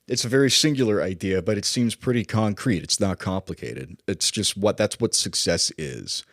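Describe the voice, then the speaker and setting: Male podcast co-host, low and lively, analytical and questioning, dry close sound. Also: normal speed, no echo. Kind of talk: casual film discussion.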